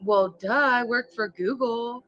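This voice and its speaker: A prank caller in a deadpan, mock-official manner, playing a call-center worker. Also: medium pitch, a little slow, muffled recording, faint music behind.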